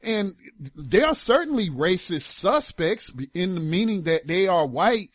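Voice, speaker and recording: A man's voice: on the high side, no room sound, studio quality. A man hosting a talk radio show, giving emphatic political commentary in casual with slang.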